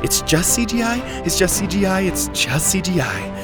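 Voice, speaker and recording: A man reading a story voices a bossy, quick-tempered young woman who scolds sharply. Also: sits low, big pitch swings, loud music behind the voice, heavily acted. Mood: anxious.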